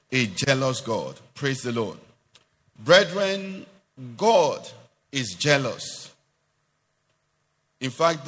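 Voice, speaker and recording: A man's voice: medium pitch, fairly bright tone, long reverb tail. A man preaching a sermon to a congregation, asking questions and rising into emphatic declarations.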